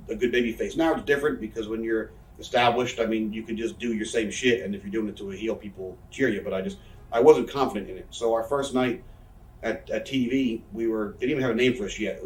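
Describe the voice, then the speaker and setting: A man's voice: mid-range voice, darkish tone, recorded from a distance. A man in his thirties telling stories in a candid interview, rambling and swearing freely. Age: 30s. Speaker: professional wrestler interviewee. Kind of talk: candid shoot interview storytelling. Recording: roomy, voice from away from the mic.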